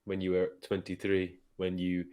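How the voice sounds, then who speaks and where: A man's voice: deep voice, monotone, moderate pace, darkish tone. A man hosting an interview, responding to his guest with effusive praise. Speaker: interviewer, channel host.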